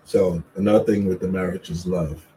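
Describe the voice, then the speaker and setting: Chatting casually with his wife about marriage, a husband and co-host speaks earnestly and teases her playfully, acting out both their lines in a raised voice. His low, mellow voice is a little fast with fairly even intonation, and the audio is poor with slight background noise.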